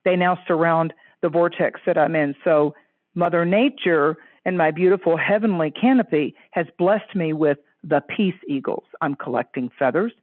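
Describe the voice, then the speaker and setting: A woman astrologer, a guest, telling stories in an effusive, animated way and leaping into high voices when she quotes others. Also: normal speed, no echo. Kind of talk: animated storytelling chat. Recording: tinny phone-line audio.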